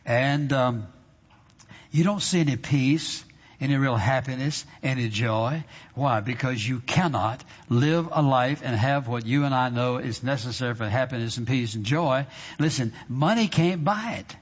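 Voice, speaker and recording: A pastor with a mid-range, slightly breathy voice preaches at a measured pace in a church sanctuary. His sermon is emphatic yet conversational, with repeated phrases and prompts for the congregation's amens, captured in a dull, reverberant hall recording.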